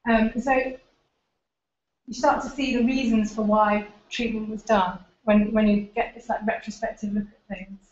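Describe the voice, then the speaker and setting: Speaking at a moderate pace, a woman with a mid-range, slightly mellow voice and little pitch movement presents an informal academic talk with slides, gesturing at images as she explains. The lecture-room recording sounds dull and reverberant.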